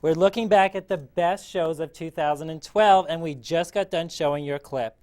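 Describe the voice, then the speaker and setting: A man's voice: on the high side, normal speed, darkish tone. A man hosting a talk show in a friendly, upbeat way, greeting a caller and introducing clips.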